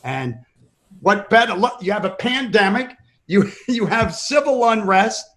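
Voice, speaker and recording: An older man hosts a loose comedy chat with a slightly raised voice. He rambles through his stories, restarts his sentences and gets excited as he goes. He sounds like a working comedian talking with friends. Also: sits high, measured pace. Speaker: podcast host and comedian.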